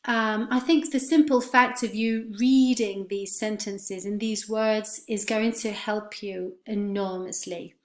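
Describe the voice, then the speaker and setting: A woman teaching English pronunciation, modelling words and sentences slowly and clearly for her students. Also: mid-range voice, steady tone, echoey room. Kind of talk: online pronunciation lesson.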